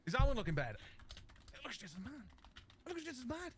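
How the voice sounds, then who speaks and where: Jokey Welsh male guest, wildly animated pitch, laid-back banter. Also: quick pace, slight background noise. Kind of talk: casual live-stream chat.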